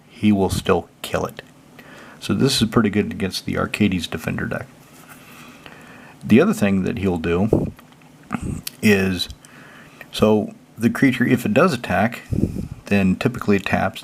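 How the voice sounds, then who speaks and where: Low gravelly man explaining card games. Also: a little hiss or hum. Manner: relaxed, chatty, reads card text then explains it plainly. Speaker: channel host. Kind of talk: casual card deck walkthrough.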